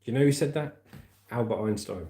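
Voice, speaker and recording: A man's voice: mid-range voice, expressive, a little fast, mellow. A man hosting a casual livestream, rambling as he reads out viewer comments and calls them mate and brother. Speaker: livestream host reading chat. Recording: roomy echoey room.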